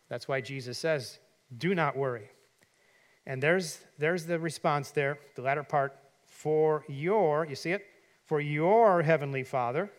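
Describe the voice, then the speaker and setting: Man preaching a sermon, expressive. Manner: rhetorical questions and dramatic emphasis on quoted verses; drops to a quiet, low voice for asides. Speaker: pastor.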